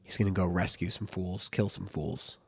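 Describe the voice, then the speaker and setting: A man's voice: low-pitched, fairly even intonation, moderate pace, creaky, slightly rough, no room sound. A man, a pastor co-hosting a church recap show, chatting casually and telling stories in a playful, jokey way. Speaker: pastor and co-host. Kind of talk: casual chat recapping a sermon.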